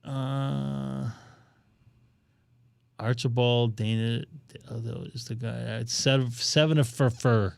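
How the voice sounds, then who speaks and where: A man's voice: medium pitch, fairly even intonation, takes it slowly, gravelly, long pauses, a little mellow, clean tone, no echo. Man, ham radio stream host, jokey and rambling, dry close sound. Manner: joking, rambling, thinks aloud while browsing. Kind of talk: casual live-stream chat.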